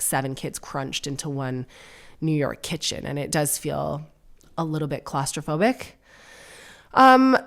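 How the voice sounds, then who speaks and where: A woman with a low voice hosts her own podcast in her thirties. She chats casually and sardonically, often slipping into mocking put-on voices. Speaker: podcast host. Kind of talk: casual solo comedy chat.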